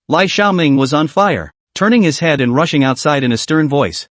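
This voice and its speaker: A man reads a comic story recap aloud in a dramatic storytelling manner. His voice sits slightly high and moves lively in pitch. The sound is dry and close to the mic. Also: moderate pace, few pauses, dry recording. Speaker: narrator. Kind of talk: scripted story recap narration.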